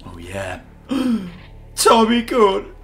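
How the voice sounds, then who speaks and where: A young man co-hosting a game playthrough, chatting excitedly and swearing as he plays. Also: high-pitched, extremely slow. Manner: excitable, swears and laughs often. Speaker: gaming video co-host. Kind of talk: casual gameplay banter.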